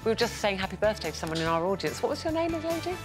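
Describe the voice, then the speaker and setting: Lively woman presenting daytime TV. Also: mid-range voice, rapid-fire, over music. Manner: laughing, chatty, teasing. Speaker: TV talk show presenter. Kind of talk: live daytime panel chat.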